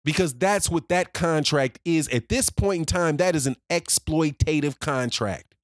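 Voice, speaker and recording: Guy ranting about boxing, kinda high voice, slangy, keeps repeating himself, dry sound. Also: a little slow, no echo. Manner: heated, slangy, repeats points for emphasis. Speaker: boxing commentator. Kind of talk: ranting opinion vlog.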